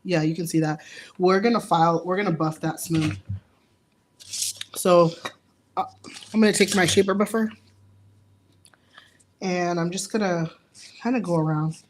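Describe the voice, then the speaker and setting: A young woman talks viewers through a live nail tutorial in a relaxed, chatty way. Her voice sits on the low side, and she laughs easily at her own small mistakes. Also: normal speed, pauses often, slight background noise. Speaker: nail artist giving a live demo.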